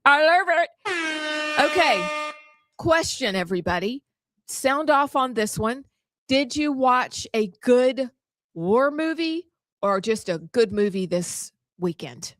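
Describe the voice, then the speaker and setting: A woman's voice: fairly high pitch, expressive, slow pace, no echo, clean studio sound. Chatty middle-aged woman host. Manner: playful, chatty banter. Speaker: show host. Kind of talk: casual chat.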